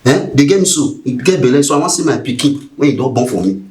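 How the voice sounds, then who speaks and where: A man's voice: medium pitch, lively intonation, fast, darkish tone, echoey room, slight background noise, lightly acted. A Nigerian man playing a corrupt, cynical police officer, scornfully lecturing a junior in Pidgin. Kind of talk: film acting.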